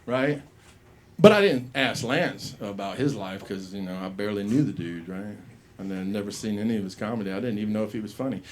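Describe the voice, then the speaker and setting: A man's voice: lowish voice, quick pace, a little hiss or hum. A man hosting an open mic and doing a loose stand-up set, cursing freely and acting out voices in his stories, on a handheld mic in a comedy club. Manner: profane, rambling, acts out voices in quoted bits. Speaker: comedy show host.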